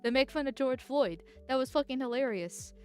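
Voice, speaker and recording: Vtuber host through a voice changer: high and smooth, rambling, giggly livestream banter. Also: animated, normal speed, darkish tone, soft background music. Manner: rambling and giggly, with frequent restarts. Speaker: political vtuber streamer. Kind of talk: casual livestream chat, reading chat messages.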